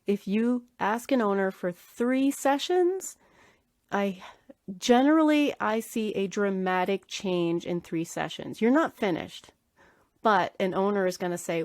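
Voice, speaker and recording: A woman's voice: mid-range voice, expressive, a little slow, a little mellow, no room sound, clean studio sound. A woman hosting a solo podcast that teaches dog grooming. She coaches earnestly and repeats key words for emphasis.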